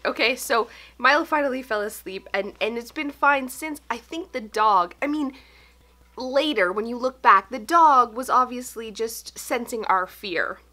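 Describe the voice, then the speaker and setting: A woman in her thirties telling a story to camera in a casual vlog, animated and breathless, breaking into laughs. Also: a little high. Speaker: home organizing vlogger.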